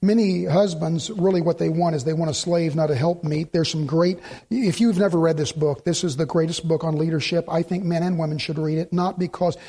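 A middle-aged pastor with a high voice preaches a little fast, barely pausing. He's an animated storyteller, slipping into the voices of people he quotes and going back over his points for emphasis.

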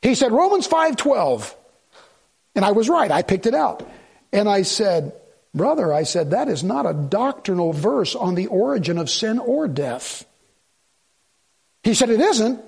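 A man's voice: high-pitched, normal speed, creaky, breathy edge. A man preaching a sermon, telling a story and acting out both sides of a conversation. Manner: animated storytelling, acts out quoted dialogue.

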